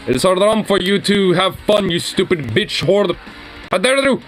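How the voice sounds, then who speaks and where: A man's voice: high voice, animated, moderate pace, fairly bright tone, faint music behind. A man putting on the voice of an outraged male official, mocking him with exaggerated indignation. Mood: indignant. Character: shrill outraged male official, scolding and prudish.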